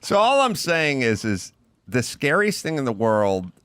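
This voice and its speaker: A man's voice: mid-range voice, very animated, unhurried, fairly bright tone, clean tone, no echo. A man hosting a podcast, telling a story in casual chat with outraged emphasis. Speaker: podcast host.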